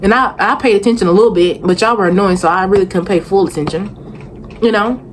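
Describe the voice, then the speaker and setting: Slightly fast and medium-pitched, a young woman rambles through a casual recap of a reality show for her vlog. She sounds sassy and exasperated as she talks to camera, with a bit of background noise.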